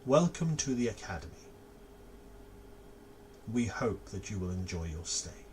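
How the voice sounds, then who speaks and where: A man playing a stern magic-academy professor giving formal, measured instructions to new students. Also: lowish voice, very animated, a little mellow, a little hiss or hum, voice pushed down.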